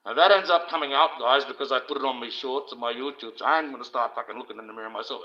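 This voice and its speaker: A man hosting a livestream alone, rambling and swearing in loose casual banter into a low-placed mic. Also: quick pace, hardly any pauses, sharp tone. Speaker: livestream host. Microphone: low-placed desk mic. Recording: dull lo-fi stream audio.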